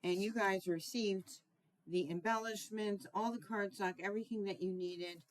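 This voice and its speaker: A middle-aged woman hosting a casual card-making tutorial, chatty and sometimes searching for words, with frequent ums and throat clearing. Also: mid-range voice, fairly even intonation, normal speed. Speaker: craft tutorial host.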